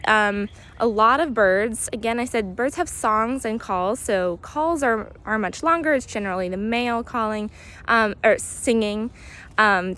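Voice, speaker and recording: Woman teaching bird calls outdoors. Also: on the high side. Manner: relaxed, many "um"s, imitates bird calls. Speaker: naturalist guide. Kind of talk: outdoor nature walk lesson. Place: outdoors near hedges and compost bins.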